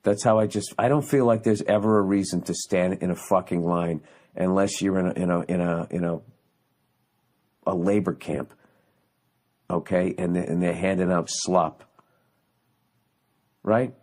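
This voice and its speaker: A man's voice: deep voice, steady tone, measured pace, long pauses, a little mellow. Profane sarcastic man ranting solo. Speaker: podcast host. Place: on vacation away from home.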